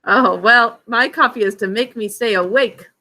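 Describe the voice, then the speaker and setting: A woman teacher leading an online spelling lesson, sounding out words slowly and clearly, syllable by syllable, on a video call. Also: fairly high pitch, pushed and bright.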